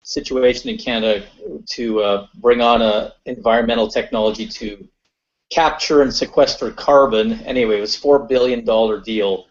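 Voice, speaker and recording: A man's voice: mid-range voice, fairly even intonation, normal speed. A man on a webinar panel telling a personal story in a conversational way, with lots of fillers and restarts. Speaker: webinar panelist and corporate consultant. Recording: dull lo-fi webinar audio.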